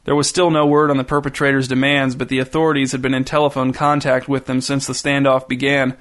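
A man narrating a short story in an even, dry reading style. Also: mid-range voice, fast.

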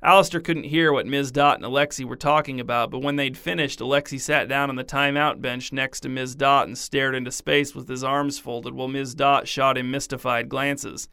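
Bright, crisp male storyteller. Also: mid-range voice, steady tone, normal speed, few pauses, dry recording, clean studio sound. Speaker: narrator. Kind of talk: scripted storytelling.

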